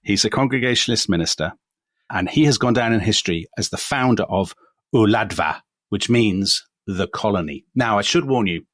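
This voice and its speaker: Chatty low-voiced English man telling history. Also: animated, moderate pace, fairly bright tone, no room sound. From England. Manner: chatty storytelling, self-deprecating asides. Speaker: co-host. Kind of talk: casual history podcast chat.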